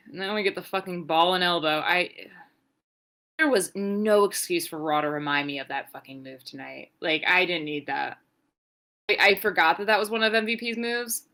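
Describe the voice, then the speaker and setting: Young woman ranting thru a recap, swears a ton, sarcastic, bright tone. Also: lowish voice. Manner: profane, sarcastic, rambling play-by-play. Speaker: podcast co-host. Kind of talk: casual wrestling recap.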